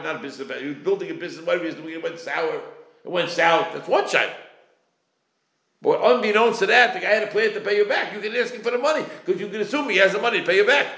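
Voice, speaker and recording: A man's voice: fairly high pitch, quick pace, bright, forceful tone. A man in his forties teaching a Talmud class, acting out creditor and debtor exchanges. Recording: echoey room.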